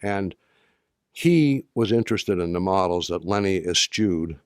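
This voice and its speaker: An older man giving an anecdotal talk to an audience, halting with restarts and dry humor. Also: low voice, expressive, clean tone, no room sound. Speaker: speaker addressing an audience.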